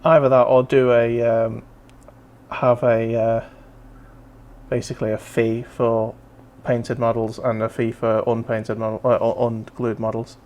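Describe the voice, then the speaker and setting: A man's voice: medium pitch, level tone, a little slow, darkish tone. Easygoing man hosting a stream. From North East England. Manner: rambling, easygoing banter. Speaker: stream host. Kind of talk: casual chat. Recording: faint background noise.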